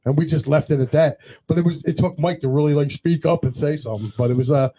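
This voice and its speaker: A man hosts a casual podcast chat, his voice sitting a little high and sounding soft and husky. He rambles through anecdotes and slips into quoting what other people told him. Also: quick pace, low-quality recording. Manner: rambling anecdotal storytelling, quotes others in dialogue. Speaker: podcast host.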